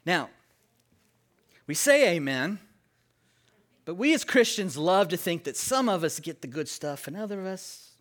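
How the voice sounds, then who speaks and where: A man preaching as pastor, leading the congregation in call-and-response and stressing key words. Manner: slow and emphatic with lively pitch swings. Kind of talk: sermon.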